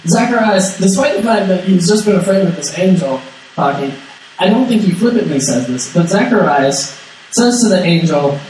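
A man's voice: sits high, lively intonation, normal speed, darkish tone. A man preaching a casual, conversational sermon, often repeating words as he goes and acting out quotes along the way. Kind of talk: sermon, conversational Bible teaching. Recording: echoey hall, distant mic, faint noise.

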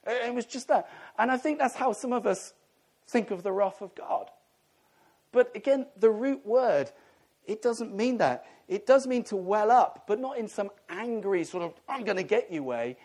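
A middle-aged man preaches in a relaxed, conversational manner and slips in jokes as he goes. His voice sits a little high and swings widely up and down in pitch, which gives the sermon an animated feel. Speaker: pastor.

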